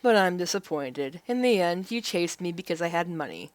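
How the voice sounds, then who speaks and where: A woman's voice: fairly low pitch, lively intonation, normal speed, dry recording, pitched below the performer's own voice, lightly acted. A woman voicing an arrogant, manipulative young male noble with cold, domineering threats, reading a visual novel aloud.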